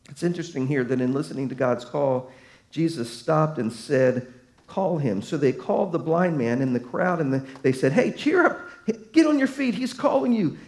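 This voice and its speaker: A man's voice: on the high side, vocal fry, a little mellow. A man preaching a sermon as pastor, emphatic, his voice swelling and dropping to drive points home.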